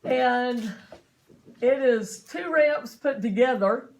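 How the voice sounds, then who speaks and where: A woman's voice: on the high side, takes it slowly, a little mellow. A woman teacher giving a chatty classroom lecture, often asking her students questions.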